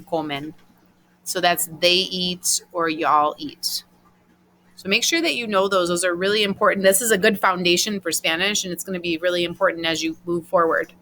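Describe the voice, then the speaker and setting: A woman's voice: on the low side, bright, forceful tone, slight background noise. A woman teacher giving a recorded Spanish class, patiently explaining verb endings step by step and spelling them out letter by letter.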